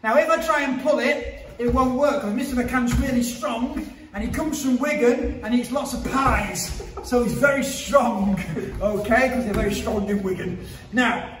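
A man, a martial arts instructor, teaching a children's class to camera in an upbeat, playful way, counting drills and joking. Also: extremely high pitch. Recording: echoey hall, far from the mic.

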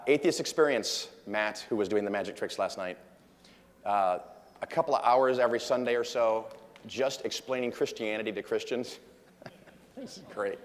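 A man giving a casual, jokey conference talk, acting out quotes from an anecdote. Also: lowish voice. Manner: chatty, jokey, acts out quotes. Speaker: conference speaker. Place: large conference hall. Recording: long hall reverb.

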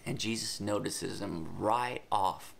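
A man leads a children's Bible lesson in a low, gravelly voice. He retells the story with casual asides and animated emphasis. He slows right down when he wants the kids to write notes. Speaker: children's ministry teacher.

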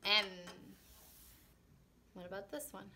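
A young woman teaching young children letter sounds, sounding them out slowly in a sing-song way and switching between English and Spanish words. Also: mid-range voice, animated, sharp tone, a little hiss or hum. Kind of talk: early-childhood phonics lesson.

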